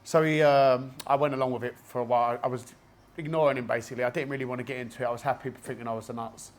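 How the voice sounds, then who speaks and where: Fast-talking Cockney man. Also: medium pitch, steady tone. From East London, England. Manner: chatty, rambling storyteller with frequent fillers. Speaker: gym owner and jiu-jitsu black belt guest. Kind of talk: casual podcast interview. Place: basement martial arts gym.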